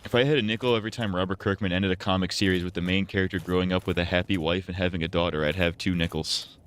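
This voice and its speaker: A low-voiced man chats casually while playing a game on a live stream. He rambles from joke to joke and keeps poking fun at himself. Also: fairly even intonation, fast talker, a bit bright, smooth. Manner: rambling, joking, self-mocking.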